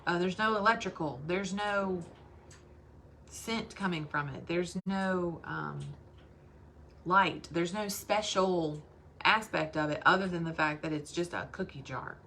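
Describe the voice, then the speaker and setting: A woman's voice: fairly low pitch, measured pace, pushed and bright, slight background noise. A woman with a Southern US accent, chatting casually to her sales team and calling them y'all. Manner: chatty, addresses listeners as y'all.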